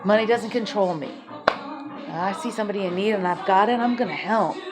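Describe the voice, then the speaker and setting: A mid-range woman's voice, a little fast, comes through over background music. She's a vlogger venting in an emotional personal rant, heated and confrontational, swearing with intensity that rises and falls.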